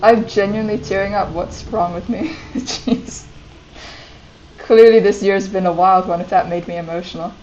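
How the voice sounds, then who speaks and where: A young woman streaming a fantasy game, chatting excitably and giggling to her viewers. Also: medium pitch, normal speed, highs cut off, slight background noise. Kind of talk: casual gameplay commentary. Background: game music.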